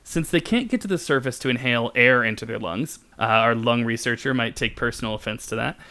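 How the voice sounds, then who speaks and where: A man's voice: medium pitch, brisk, sharp tone. A man co-hosting a comedy science podcast, explaining facts playfully and giggling at his own jokes. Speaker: podcast co-host.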